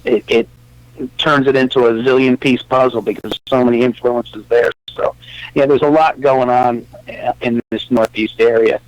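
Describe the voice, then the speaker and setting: A musician with a New York accent, talking at length in a casual, wry way as a radio guest. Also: male voice, medium pitch, fairly even intonation, normal speed, dry recording, lo-fi sound. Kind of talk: casual interview chat.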